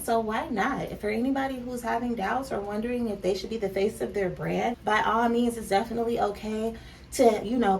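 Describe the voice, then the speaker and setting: Her voice is fairly high, creaky and darkish in tone. A Californian woman in her thirties who vlogs and owns a clothing brand, she does her makeup while candidly chatting and calling her audience "child," "baby" and "honey," captured on a slightly distant mic over faint background noise.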